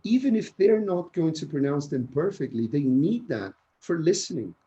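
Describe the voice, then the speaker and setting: رجل مدرّب معلمين بصوت دافئ ونبرة حيوية. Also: male voice, on the high side, normal speed, dull audio. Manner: energetic, keeps asking "yeah?". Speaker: teacher trainer. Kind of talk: online conference talk. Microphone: video call.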